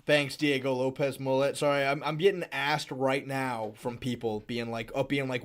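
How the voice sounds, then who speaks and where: A male streamer chats loosely with his viewers about fights and bets. He rambles and repeats himself, with swearing mixed in. His voice sits at an ordinary middle pitch for a man. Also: normal speed, hardly any pauses. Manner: rambling and repetitive, swears casually. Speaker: MMA streamer. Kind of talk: casual livestream chat.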